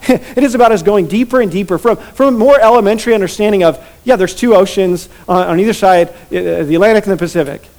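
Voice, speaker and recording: A man preaching from the pulpit in an earnest, building sermon voice. His voice sits fairly high for a man, and he drives his points home with emphatic repetition. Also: a little mellow. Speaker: pastor.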